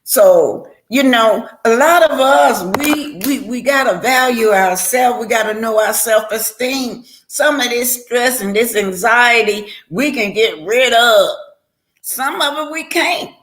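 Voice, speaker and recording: A woman's voice: on the high side, slow pace. An older woman, a grandmother, talking casually on a live stream and giving heartfelt life advice, preachy in tone and often stumbling and restarting her words.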